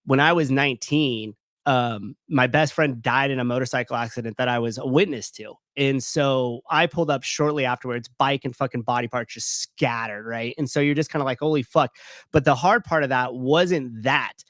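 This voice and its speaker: A man's voice: mid-range voice, normal speed, few pauses, a bit bright, dry recording. Thirties guy rambling candidly, lots of like and swearing, dry close sound. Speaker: gym owner and guest. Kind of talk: casual storytelling.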